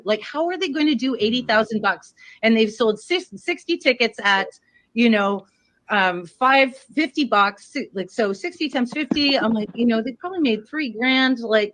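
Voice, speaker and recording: A woman's voice: fairly high pitch, a bit bright. Chatty rambling woman storyteller. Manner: rambling, profane, lots of fillers. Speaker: guest telling a story. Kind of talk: casual storytelling.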